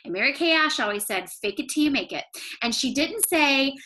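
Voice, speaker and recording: A woman with a high, light voice giving a motivational pep talk to her sales team. She talks in a chatty, looping way, dropping "like" and "okay?" into nearly every sentence. Her voice gets emotional and close to tears in places. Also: lively intonation, brisk, sharp tone. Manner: emotional, near tears at times.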